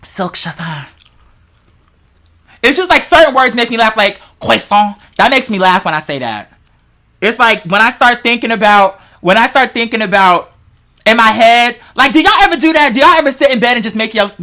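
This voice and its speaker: Stoned vlogger, bright tone, rambling, foul-mouthed, chatty. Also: medium pitch, lively intonation, fast. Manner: rambling, playful, heavily profane, talks straight to viewers. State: high on cannabis. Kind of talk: casual rambling vlog monologue.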